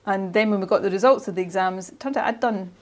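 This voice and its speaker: A woman's voice: medium pitch, fast, darkish tone. A Scottish woman in her forties, earnest and encouraging, giving a motivational talk to young players and often restarting phrases. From Ayrshire, Scotland. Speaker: guest speaker.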